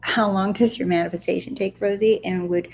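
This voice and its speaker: A woman coach talks casually on a live stream in a mid-pitched voice with a gravelly, fry-tinged edge. She is chatty and playful, goofs around as she answers viewer questions, and keeps checking in with her listeners. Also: fairly even intonation, fairly quick, slight background noise. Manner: chatty, playful and goofy, full of "like" and "do you see?". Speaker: law of attraction coach.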